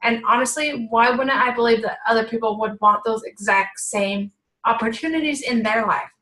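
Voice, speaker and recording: A woman's voice: on the high side, normal speed. Upbeat chatty woman in an echoey room. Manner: chatty and upbeat, many fillers, acts out messages in a bright voice. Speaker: health coach. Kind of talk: casual coaching talk.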